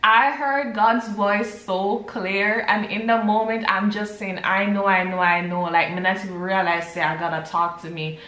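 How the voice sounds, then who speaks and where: A woman's voice: mid-range voice, moderate pace, few pauses, fairly bright tone. A young Jamaican woman chatting casually to her vlog audience at home, switching between patois and English. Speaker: vlogger. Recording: roomy echo.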